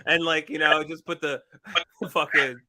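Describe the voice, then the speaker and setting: A man's voice: fairly high pitch, measured pace, crowd noise. A young man in his twenties chatting casually with his brother, laughing often and swearing freely as he tells stories. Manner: laughs a lot, swears freely, animated storytelling. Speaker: podcast host. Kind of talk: casual chat between brothers.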